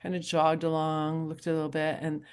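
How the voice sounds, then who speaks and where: A middle-aged woman from New Hampshire, giving a casual motivational talk as a coach, chatty and rambling and quick to laugh. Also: low voice, completely flat delivery, darkish tone, clean tone. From New Hampshire, USA.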